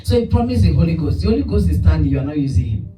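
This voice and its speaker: A male pastor with a high, lively voice tells animated stories in his sermon and plays out each person in them. His tone is mellow and warm, and he is heard from a distant mic in a roomy space. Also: very fast. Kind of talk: sermon with storytelling.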